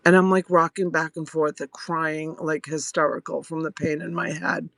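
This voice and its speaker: Her voice creaky and a bit bright, with little pitch movement, a middle-aged woman sells jewelry on a live stream at a normal pace, no echo. She chats casually and tells a personal story between pieces, rising high when she quotes.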